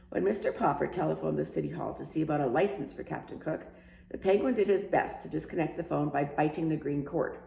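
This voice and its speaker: Gravelly woman reading a children's story. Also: low-pitched, brisk. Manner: voices each character, lively. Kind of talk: reading a children's book aloud. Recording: echoey room, faint hum.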